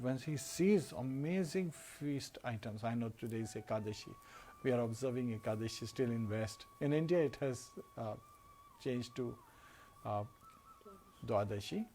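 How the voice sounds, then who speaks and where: A man giving a devotional discourse, telling a story in a relaxed way with frequent "uh" and "you know" fillers. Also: mid-range voice, slight background noise. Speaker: devotional speaker. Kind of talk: storytelling sermon.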